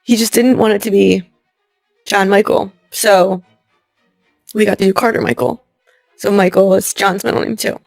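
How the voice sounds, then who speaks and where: A young woman with a gravelly, fry-laden voice recounts a personal story in conversation, voicing the people in it as she goes. The sound is dry and close, with faint music underneath. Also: mid-range voice, moderate pace, long pauses, no echo. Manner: animated retelling, acting out quoted lines, laughing often. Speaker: interview guest.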